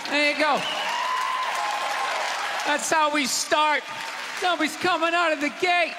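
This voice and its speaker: A man doing a stand-up set on a theater stage, ranting in a loud, exasperated way into a handheld mic. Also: very high-pitched, fairly even intonation, a little slow, a crowd in the background. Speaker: stand-up comedian. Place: theater stage before a live audience. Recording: live theater recording with audience noise and reverb.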